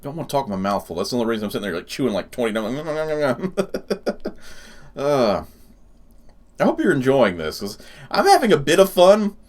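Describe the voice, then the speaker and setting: A man's voice: medium pitch, wildly swooping pitch, normal speed. A man hosting a gaming channel, giving casual gameplay commentary while thinking aloud and laughing often.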